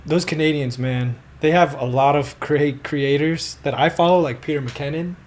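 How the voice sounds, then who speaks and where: A man's voice: on the high side, normal speed. Easygoing male podcast host. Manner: easygoing, asks questions and shares opinions. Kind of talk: casual podcast chat.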